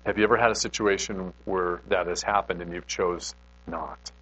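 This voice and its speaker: Man, low-pitched, chatty extrovert preacher, self-deprecating storyteller. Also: moderate pace, low-quality recording. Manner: storytelling, animated, self-deprecating, frequent restarts. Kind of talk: conversational sermon.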